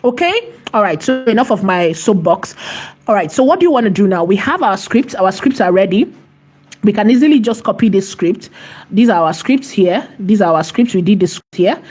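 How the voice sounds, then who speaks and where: A woman hosting a screen-share tutorial, chatty and emphatic, often repeating phrases and checking in with "right?", slowing down to dictate as she types. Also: medium pitch, animated, darkish tone, husky. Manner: slows to dictate while typing. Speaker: AI tutorial host.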